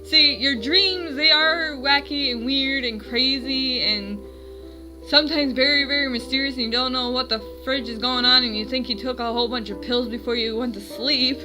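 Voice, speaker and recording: A woman's voice: high-pitched, fairly even intonation, normal speed, music in the background, rough recording. A woman in her twenties at home, telling her dreams in a rambling, self-correcting casual vlog. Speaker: vlogger.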